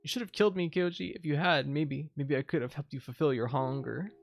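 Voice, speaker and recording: A man's voice: fairly high pitch, fairly quick, creaky, soft background music. Man reading a devoted young woman. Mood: pleading. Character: gentle young woman, devoted and self-sacrificing.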